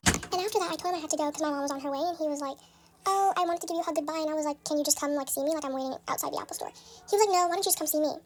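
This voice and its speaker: Soft-spoken quick young woman. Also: high-pitched, a little hiss or hum. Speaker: storyteller. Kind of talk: casual storytime monologue.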